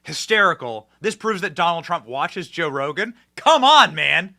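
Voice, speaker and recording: A man hosting a political commentary show, talking emphatically and swinging between loud outbursts and hushed asides. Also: on the high side, very animated, normal speed, gravelly, hardly any pauses.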